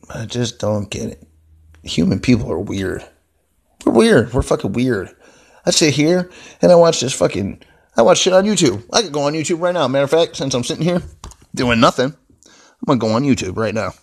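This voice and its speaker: A man's voice: mid-range voice, expressive, normal speed, long pauses, slightly rough. A man ranting angrily and off the cuff at home, swearing constantly and rambling into his phone. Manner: angry, heavily profane, rambling. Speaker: vlogger. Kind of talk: unscripted profane rant. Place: indoors at home, seated.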